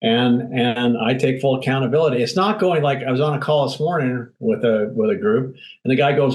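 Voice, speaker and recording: A man's voice: medium pitch, fairly quick, hardly any pauses, darkish tone, poor audio. A man speaking bluntly and emphatically as an interview guest, acting out little quoted exchanges. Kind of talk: candid interview talk.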